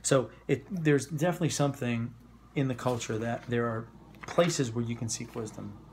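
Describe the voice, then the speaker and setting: A man's voice: mid-range voice, moderate pace, a little mellow, slight background noise. A man with a New York accent giving an informal devotional message, talking in a conversational, reflective way with asides and rhetorical questions. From New York area. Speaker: Christian speaker.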